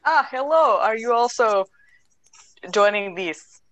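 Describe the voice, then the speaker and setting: A woman's voice: a little high, expressive, slow, fairly bright tone, dull audio. A woman voicing a blunt, puzzled orc adventurer in a tabletop game. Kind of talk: playing a tabletop game character.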